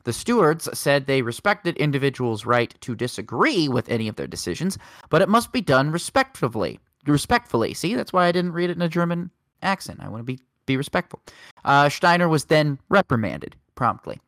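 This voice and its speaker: A man's voice: on the high side, very animated, fairly quick, a bit bright, no room sound, studio quality. A man co-hosting a casual racing podcast, rambling through the news with joking asides. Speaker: podcast co-host.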